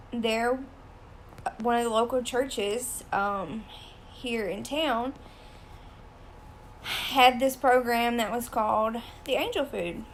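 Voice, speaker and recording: Slow, halting woman vlogger near tears. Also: on the high side, a little hiss or hum. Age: 30s. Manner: hesitant, many ums, fighting back tears. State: emotional, close to crying. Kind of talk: personal confessional vlog.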